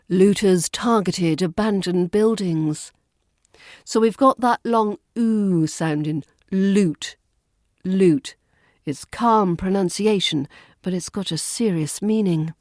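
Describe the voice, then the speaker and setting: A woman with a Southern British RP accent teaching pronunciation, calm and precise, slowly modelling words for learners to repeat. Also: medium pitch, no echo, studio quality. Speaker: accent coach. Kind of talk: pronunciation lesson.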